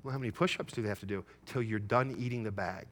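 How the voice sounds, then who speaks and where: Bright-voiced preacher man building to loud climaxes. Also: fairly low pitch, quick pace. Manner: folksy storytelling, quoting his son. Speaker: pastor. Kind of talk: sermon.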